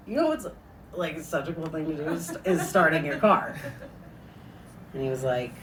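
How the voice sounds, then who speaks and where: A woman doing stand-up, telling a crude story in a dry, deadpan way with sudden hushed asides. Her voice sits a little low. She is picked up from a distance, with clear room noise behind her. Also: normal speed. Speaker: stand-up comedian.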